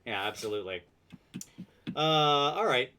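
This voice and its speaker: A man hosting a podcast, chatting casually with quick asides and self-deprecating laughs. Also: medium pitch, animated, heavy background noise. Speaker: podcast host. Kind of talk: casual chat.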